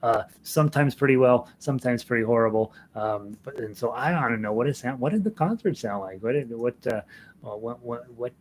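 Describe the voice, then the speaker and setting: A middle-aged man hosting a ukulele class online chats casually as he goes through viewers' comments, rambling with fillers and restarts. He speaks briskly, his mid-range voice rising and falling with lively intonation.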